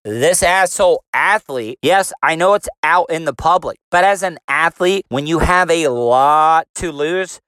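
A man's voice: fairly high pitch, a little slow, hardly any pauses, a bit bright, clean tone, no room sound. A man, formerly in radio, delivering a combative, profane rant full of rhetorical questions. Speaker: commentator, former radio host. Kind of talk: ranting commentary.

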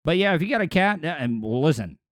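A man's voice: fairly high pitch, very animated, brisk, no echo, studio quality. A man, chatting casually as a podcast host, rambling, repeating words and laughing easily. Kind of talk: casual chat.

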